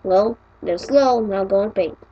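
A woman's voice: medium pitch, measured pace, slightly rough, highs cut off, pitched below the performer's own voice. A woman voicing a stubborn, bossy computer operating system that curtly refuses requests, in a homemade cartoon video. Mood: dismissive.

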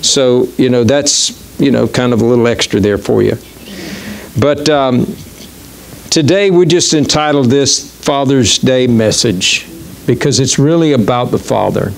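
A middle-aged man delivers a church sermon as pastor, his medium-pitched voice showing vocal fry as he talks haltingly and conversationally, with frequent fillers and false starts.

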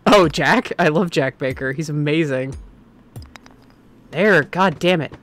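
Man streamer, higher voice, opinionated chat, excited then muttering, faint music behind. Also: measured pace. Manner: chatty and opinionated, swings between excited and muttering. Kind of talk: casual gameplay commentary.

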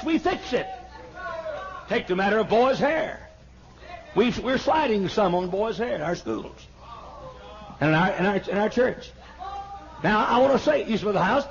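High-voiced older preacher on lo-fi tape. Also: male voice. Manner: emphatic preaching with stammered repeats and sudden shouts. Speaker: pastor. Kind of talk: sermon. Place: large church auditorium. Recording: dull lo-fi archival sermon tape.

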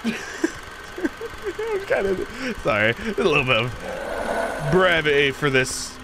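A woman's voice: sits low, very animated, slow pace, background noise. A woman playing a horror game and commentating, jumpy and giggly, talking to herself. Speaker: game streamer. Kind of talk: let's-play commentary.

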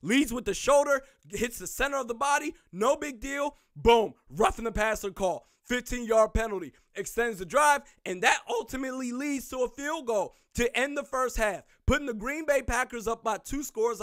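A man hosting a sports podcast, ranting sarcastically about rival fans and referee calls, now and then shouting. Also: extremely high pitch, moderate pace, hardly any pauses, no room sound, clean studio sound.

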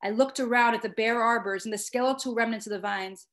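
A woman, the author, reading her own first-person fiction aloud with expressive storytelling. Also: a little high, fast talker.

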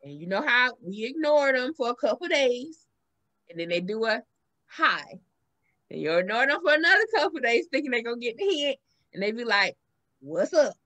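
Bright high-voiced Southern woman chatting. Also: brisk. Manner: animated storytelling, acts out quotes with big pitch jumps. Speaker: podcast host. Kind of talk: casual chat.

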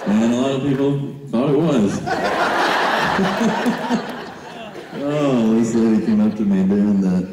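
Deep-voiced man telling a story on stage. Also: steady tone, a little slow, long pauses, a loud crowd. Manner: laughs through his words, self-mocking. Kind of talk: onstage storytelling to a concert audience. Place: concert stage. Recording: echoey live concert hall from far off, with noise.

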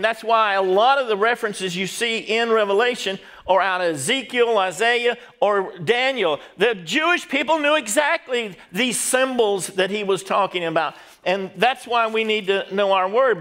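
A middle-aged pastor delivers a sermon in a fairly high voice. He talks straight to the congregation and has them say words back to him. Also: pushed and bright. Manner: preaching with call-and-response to the congregation.

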